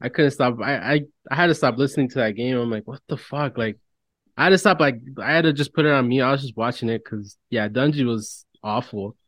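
A man's voice: medium pitch, a little fast, no room sound. A man co-hosting a sports podcast, talking casually, swearing a lot and venting about announcers. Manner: profane, animated, mocks announcers. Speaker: podcast co-host.

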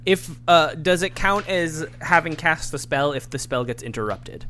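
A man playing a tabletop role-playing game, chatting casually and asking animated rules questions. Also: fairly high pitch, slight background noise. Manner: animated, quick questions and laughs.

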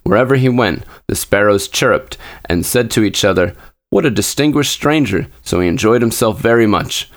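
A man narrating a classic fairy tale aloud in a measured, expressive storybook reading. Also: fairly low pitch.

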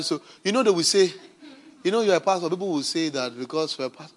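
High-voiced pastor preaching emphatically. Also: male voice, very fast. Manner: emphatic preaching, swinging from shouted declarations to quiet, chatty asides. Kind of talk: sermon.

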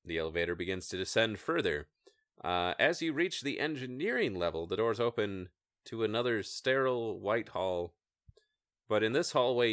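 A man hosting a podcast and narrating as game master, relaxed and hesitant with fillers. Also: on the low side, no room sound, studio quality.

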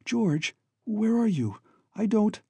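A man's voice: high voice, very animated, takes it slowly, creaky, mellow, breathy edge, dry recording, pitched above the performer's own voice, full character voice. A man voicing a tense slim young woman. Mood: startled. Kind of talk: audiobook character voice.

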